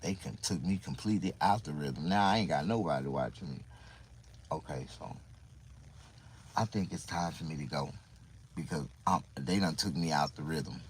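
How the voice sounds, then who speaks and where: A man's voice: very deep voice, moderate pace, a little hiss or hum, rough recording. A man talking casually to viewers on a livestream, rambling and repeating himself in mock confusion.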